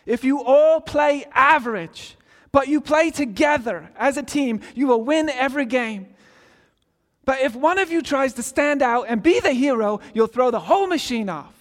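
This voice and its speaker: A man putting on a British accent to voice an angry, red-faced male soccer coach shouting a halftime speech. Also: very high-pitched, expressive, normal speed, long reverb tail, pitched above the performer's own voice. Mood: stern lecturing. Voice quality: shouting, clipped and stern.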